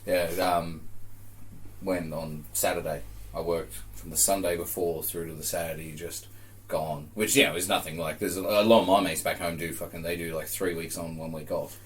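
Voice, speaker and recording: A man's voice: deep voice, fairly even intonation, normal speed, recorded from a distance. A man in a casual drinking podcast chat, laid-back and swearing often. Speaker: podcast co-host.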